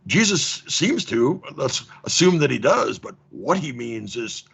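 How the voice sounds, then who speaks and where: A man teaching a casual online seminar, wry and animated, acting out dialogues with mock exasperation. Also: mid-range voice, measured pace, vocal fry, husky. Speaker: lecturer. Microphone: video call. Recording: lo-fi online call audio.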